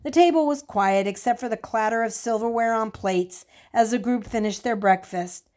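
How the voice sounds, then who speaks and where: Calm woman reading a story aloud. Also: on the high side, moderate pace. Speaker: audiobook narrator. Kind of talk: scripted narration.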